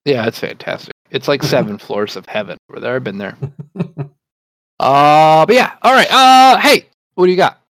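A man's voice: a little high, expressive, normal speed, a bit bright, no room sound. Profane rambling man on a dry mic. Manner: loose, profane, rambling banter. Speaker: podcast co-host. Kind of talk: casual chat.

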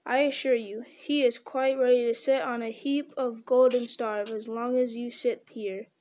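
Casting: woman doing a small, prim male hobbit from a storybook, businesslike and polite, mellow tone. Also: fairly high pitch, steady tone, moderate pace, natural voice.

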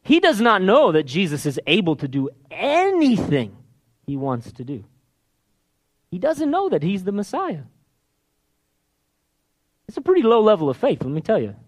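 A male preacher delivers a sermon with a lively, animated voice that sits a little high. He acts out the desperate pleas in the scripture, sinking to a near-whisper and then rising again. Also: normal speed, long pauses.

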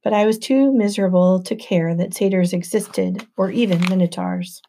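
A woman narrating a novel aloud in the first person with an even storytelling delivery. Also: mid-range voice, normal speed. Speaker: audiobook narrator.

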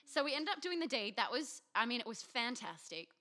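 A woman's voice: fairly high pitch, sing-song, fairly quick, sharp tone. A young Australian woman telling a frank, self-mocking story as a podcast co-host. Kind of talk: candid storytelling chat.

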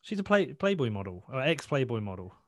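A man's voice: medium pitch, very animated, a little fast, no room sound. A man talking as a podcast guest in a blunt, sweary, rambling way, often restarting his sentences. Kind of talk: casual interview chat.

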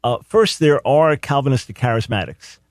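Male radio host, earnest and emphatic, mid pitch, dry close mic. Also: moderate pace, no echo. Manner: earnest, emphatic, repeats words when starting a phrase. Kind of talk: call-in radio talk.

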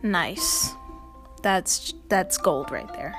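A woman's voice: medium pitch, a little slow, a bit bright, faint music behind. A young woman hosting a video, doing casual scripted commentary with laughing, exasperated asides. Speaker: video host.

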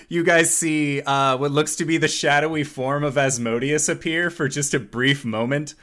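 A man narrating a tabletop role-playing game as game master, with a relaxed manner and frequent fillers. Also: a little high, normal speed.

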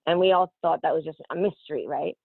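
A woman from Australia, an actress, telling stories in an animated interview and often laughing. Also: sits low, quick pace, vocal fry, slightly rough, dry recording. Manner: animated, laughing, quotes other voices. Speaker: actress guest. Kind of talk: casual interview storytelling. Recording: tinny phone-like line, dry.

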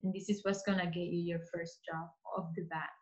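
A woman's voice: lowish voice, flat delivery, fairly quick, a little mellow. A woman interior designer giving career advice in a casual interview, earnest and repeating herself as she searches for words. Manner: earnest, speaks in restarts and repeats. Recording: slightly dull lo-fi sound.

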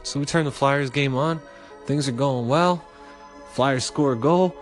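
A man's voice: mid-range voice, measured pace. Young man, podcast host, casual swearing storyteller, faint music behind. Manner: profane, rambling, animated.

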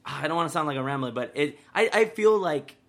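A man's voice: a little high, lively intonation, a little fast, a bit bright. A young man co-hosting a podcast, telling a story in a loose, rambling way, laughing often and swearing casually. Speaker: podcast co-host.

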